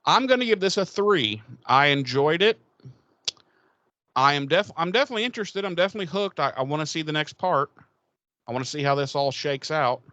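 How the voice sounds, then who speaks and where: Animated rambling man co-hosting a podcast. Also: on the high side, brisk, no room sound, muffled recording. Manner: animated, rambling with many restarts. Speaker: podcast co-host. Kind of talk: casual chat.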